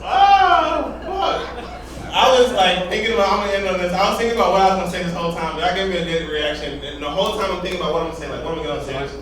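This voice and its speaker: A man's voice: high-pitched, lively intonation, racing, a crowd in the background. A man doing a loose, rambling stand-up set with a lot of swearing, on a comedy club stage. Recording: roomy club, far mic, loud audience laughter.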